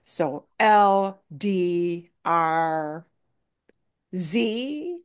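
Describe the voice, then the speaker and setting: This Spanish teacher, whose voice is lowish, runs an online class slowly and calmly. Moving back and forth between English and Spanish examples, she patiently says vocabulary over and over so it sticks.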